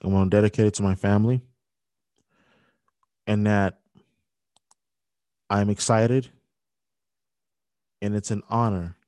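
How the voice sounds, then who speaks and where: A young man hosting a podcast, speaking a halting, grief-filled dedication with many restarts. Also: fairly low pitch, warm tone, no echo. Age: young adult. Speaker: podcast host. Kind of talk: emotional spoken dedication.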